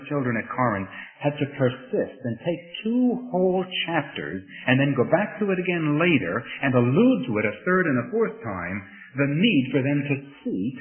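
Earnest preacher on a tinny recording. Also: male voice, medium pitch. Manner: earnest, rising emphasis on scripture quotes. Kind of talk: sermon. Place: church. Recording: tinny phone-like sermon recording.

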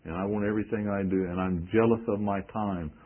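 A man's voice: lowish voice, fairly even intonation, fast talker, phone-quality sound. A male preacher giving an emphatic sermon, quoting scripture and asking rhetorical questions.

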